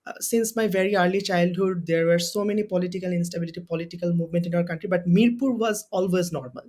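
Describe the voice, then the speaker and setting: A man's voice: high voice, steady tone, quick pace, a little mellow. A young man from Bangladesh with a Bangladeshi accent, a university student guest on a podcast interview, speaking in an impassioned, emotional way and repeating phrases for emphasis. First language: Bengali. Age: young adult.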